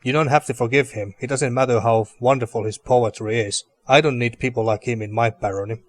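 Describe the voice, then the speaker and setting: A man's voice: medium pitch, fairly even intonation, fairly quick, no room sound, natural voice. A man voicing a hurt, bitter young woman who was once a student, reading game dialogue aloud with slight emphasis.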